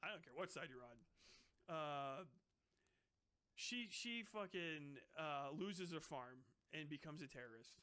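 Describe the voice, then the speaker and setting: A man's voice: on the high side, lively intonation, a little slow, sharp tone, smooth. Rambling, swearing male streamer. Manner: rambling, swearing, ranting, laughing asides. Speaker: streamer reading a book aloud. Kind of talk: casual profane commentary on a book.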